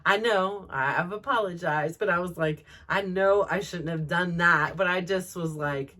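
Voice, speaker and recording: A middle-aged woman hosts her own show and tells a personal story frankly and self-reflectively, rambling along with heavy use of "like" as a filler. She speaks at a measured pace in a fairly low voice that sounds pushed and bright.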